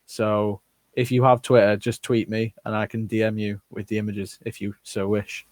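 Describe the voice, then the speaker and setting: A man's voice: on the low side, little pitch movement, moderate pace, darkish tone, no echo. Blunt, swearing man in casual chat. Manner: blunt, swears freely, reads comments aloud and reacts. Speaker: channel host answering live chat. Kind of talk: casual live-stream chat.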